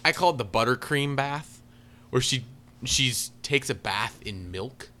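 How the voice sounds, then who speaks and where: A man's voice: mid-range voice, animated, unhurried, sharp tone, a little hiss or hum. A man co-hosting a podcast, giving a sarcastic, exaggerated movie review in casual chat. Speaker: podcast co-host.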